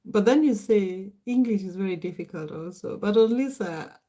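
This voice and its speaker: A woman's voice: mid-range voice, animated, moderate pace, mellow. A middle-aged Kenyan woman whose first language is Swahili, hosting a casual livestream, chatting, laughing often and answering viewer comments aloud. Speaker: livestream host.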